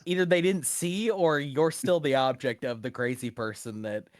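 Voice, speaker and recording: A man's voice: mid-range voice, fairly even intonation, moderate pace, no echo, studio quality. Laid-back man running a tabletop game. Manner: laughing, loose and casual. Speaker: game master.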